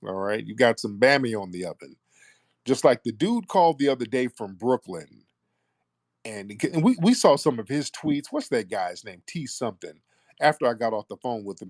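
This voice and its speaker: A man's voice: lowish voice, no room sound. Male radio host, argumentative, teasing, casual call-in talk, dry close sound. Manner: animated, argumentative, teasing callers.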